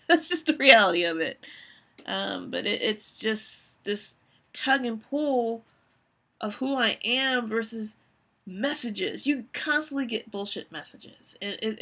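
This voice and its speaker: A woman's voice: medium pitch, creaky, sharp tone. A woman in her forties, talking candidly and rambling with frequent restarts as she hosts her own live stream. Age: 40s.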